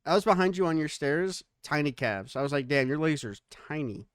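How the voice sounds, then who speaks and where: A man's voice: on the high side, lively intonation, fairly quick, clean tone, no echo, studio quality. A man hosting a podcast in casual chat, brash and profane, laughing often as he narrates a comic script.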